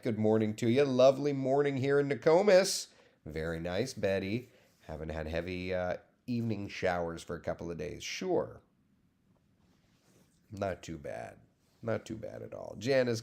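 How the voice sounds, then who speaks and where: A man's voice: on the low side, darkish tone. Chatty man hosting a morning weather stream. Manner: chatty and friendly, greets viewers by name. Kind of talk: casual live weather chat.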